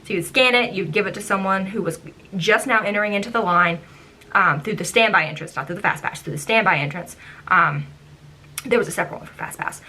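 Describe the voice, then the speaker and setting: A young woman chats through stories from her days as a ride guide, with a bright, forward voice that stays at an ordinary pitch. She talks in a loose, rambling way, full of little "likes" and "ums", and slips into lively replays of her own reactions. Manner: animated, acts out her own past reactions; chatty, with frequent "like" and "um". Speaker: former theme park ride guide. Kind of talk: casual storytelling vlog.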